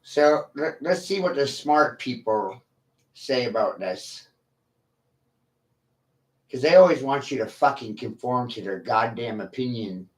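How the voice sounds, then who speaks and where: A man ranting on a livestream, profane, combative and boastful, with long pauses between his lines. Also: mid-range voice, animated. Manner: slow, drawn-out delivery with long pauses. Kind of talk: livestream rant.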